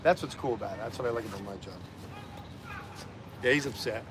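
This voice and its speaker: A man from South Jersey, a citizen journalist, chatting casually and telling animated stories on a street at night. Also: mid-range voice, a little fast. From South Jersey, USA. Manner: chatty storyteller, animated when quoting others. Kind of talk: casual chat outdoors. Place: outdoors on a city street at night with traffic. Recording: street noise, outdoor phone recording.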